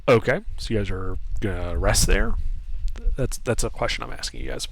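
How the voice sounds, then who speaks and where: A man's voice: medium pitch, very animated, normal speed, gravelly, a bit bright, husky, poor audio. A man running a tabletop game as game master, narrating casually with fillers. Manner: loose, conversational narration with fillers.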